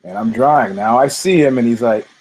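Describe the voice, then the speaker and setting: A man hosting a podcast, telling a story in a casual, profane, animated way and acting out the people in it. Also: medium pitch, normal speed, breathy edge, rough recording. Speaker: podcast host.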